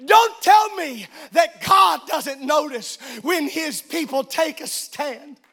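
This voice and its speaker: A man, a pastor, preaching a sermon in a church, shouting and swinging into sing-song cadences. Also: very high voice, expressive, slow.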